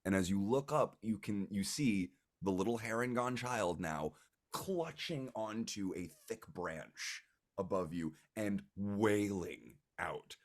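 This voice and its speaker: Brief: low-voiced man running a tabletop game, easygoing and halting, lively in tone. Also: no echo, clean studio sound. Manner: relaxed, hesitant, full of fillers. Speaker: game master.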